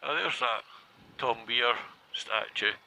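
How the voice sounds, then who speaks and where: A man's voice: mid-range voice, slow, gravelly, bright, forceful tone, slight background noise, low-quality recording. A Scottish man chatting casually as he tours the lochside on his motorbike, muttering little asides to himself. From Scotland. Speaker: motorcycle vlogger. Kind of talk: casual rambling travel commentary. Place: outdoors by a loch, partly on a motorbike.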